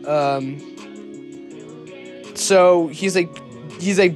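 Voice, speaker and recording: A man's voice: high-pitched, moderate pace, long pauses, darkish tone. A young man telling a rambling, profane story in a casual way, with lots of fillers and trailing off. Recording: music playing behind.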